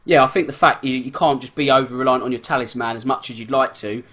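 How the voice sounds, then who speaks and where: A man talks football in a relaxed podcast chat at a brisk clip. His pitch sits in the middle, and his sentences tumble along with plenty of fillers and restarts. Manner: quick, chatty, full of fillers. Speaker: podcast guest, football fan. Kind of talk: casual chat.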